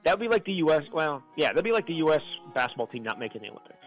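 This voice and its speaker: A man's voice: on the high side, big pitch swings, rapid-fire, soft background music, low-quality recording. A man talking sports on a radio show, hesitating and restarting as he searches for words. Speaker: sports director guest. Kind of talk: casual sports chat.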